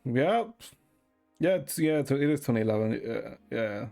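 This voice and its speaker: Deadpan swearing male streamer, lively pitch. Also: normal speed, vocal fry, soft background music. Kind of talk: casual stream chat.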